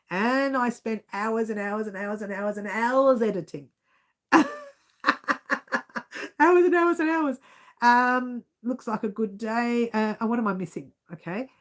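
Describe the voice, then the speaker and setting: A woman with an Australian accent chatting casually on a live stream, giggling and reading out viewer comments. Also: mid-range voice.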